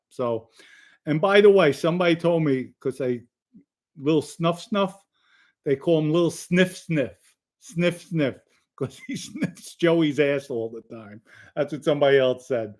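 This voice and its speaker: A blunt, profane man talks straight to the camera in a slightly raised voice. His commentary is casual but confrontational, full of taunts and hard accusations. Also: a little high. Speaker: commentator reacting to clips.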